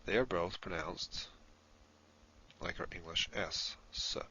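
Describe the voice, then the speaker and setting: A deep, low-pitched man talks through a lesson at an unhurried, measured pace. His tone is bright and forceful, though the audio sounds dull and lo-fi. He pauses often with ums as he explains. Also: slight background noise. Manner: slow, deliberate, explanatory with frequent ums. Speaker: Hebrew course narrator. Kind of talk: recorded lesson narration.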